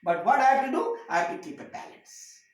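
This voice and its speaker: A man teaching a class, stressing points with long repeated lists and wide swings in pitch and loudness. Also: sing-song, brisk, reverberant, poor audio. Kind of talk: classroom lecture.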